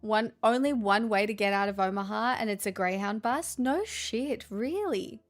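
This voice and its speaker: A woman's voice: mid-range voice, moderate pace. An Australian woman hosting a casual live stream, chatting with viewers in a sarcastic, self-deprecating way. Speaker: livestream host.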